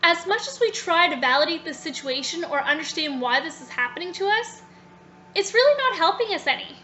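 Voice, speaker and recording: A woman's voice: very high-pitched, expressive, a little fast, sharp tone, exaggerated voice. A woman doing Ha, blunt practical little man. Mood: reasoning. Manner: blunt, matter-of-fact.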